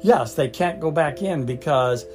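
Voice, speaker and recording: A man reads a storybook aloud at a slow, patient pace. He stops to explain difficult words, and soft guitar music plays faintly behind him. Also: on the high side. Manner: patient, explaining, light laughs. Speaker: storyteller and English teacher. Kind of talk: read-aloud with word explanations.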